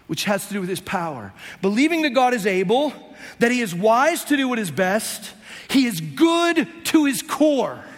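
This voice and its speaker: High-voiced preacher in a reverberant hall. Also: male voice, fairly bright tone. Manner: conversational preaching with playful voiced asides. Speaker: pastor. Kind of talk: sermon.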